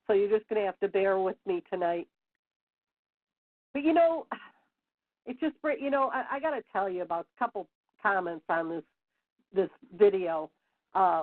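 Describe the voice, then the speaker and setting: A middle-aged woman hosting an internet radio show, ranting emphatically and rambling with many fillers and restarts. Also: mid-range voice. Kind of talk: solo rant on internet radio. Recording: tinny phone-line sound.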